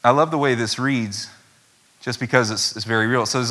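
Bright-voiced man preaching conversationally. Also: mid-range voice, steady tone, brisk. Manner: conversational, earnest, with frequent fillers and restarts. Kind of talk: sermon with scripture reading.

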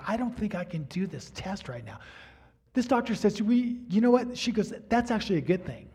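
A middle-aged male pastor with a high-pitched voice tells a personal story from the pulpit. He is an animated storyteller who acts out each exchange of dialogue as he goes. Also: husky. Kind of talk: sermon storytelling.

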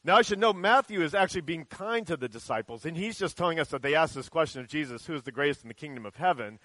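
A man preaching a children's sermon in a church, talking conversationally and storytelling with lively acted quotes. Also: a little high, fast talker, dry recording. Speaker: pastor. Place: church sanctuary.

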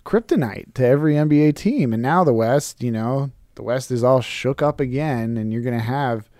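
A man co-hosting a podcast, chatting casually about sports with sarcastic, animated asides. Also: mid-range voice, normal speed, no room sound, clean studio sound. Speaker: podcast co-host.

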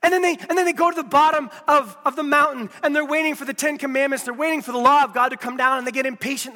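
A man's voice: extremely high pitch, fairly even intonation, fast talker, hardly any pauses, pushed and bright, long reverb tail. A man preaching a sermon, emphatic, repeating key phrases and speaking straight to his listeners. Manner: addresses listeners directly. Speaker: pastor.

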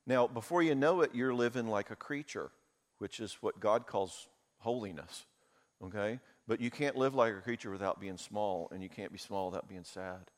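A man giving a conference talk, telling personal stories candidly and with feeling. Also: lowish voice. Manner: candid, storytelling, emotional. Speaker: conference speaker. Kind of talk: talk with audience Q&A. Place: conference hall. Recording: reverberant hall.

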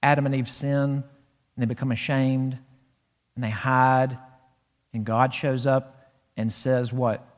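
A man preaching an expository sermon in a church, lively and slowing his delivery to stress key points. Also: mid-range voice. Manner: animated expository preaching, slows down for emphasis. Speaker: pastor. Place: church sanctuary. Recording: long reverb of a church hall.

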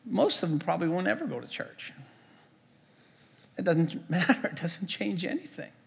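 A man's voice: high-pitched, very animated, moderate pace, gravelly. A man, a pastor preaching a storytelling sermon in a conversational way, often repeating words as he goes. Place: church sanctuary. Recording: echoey church hall.

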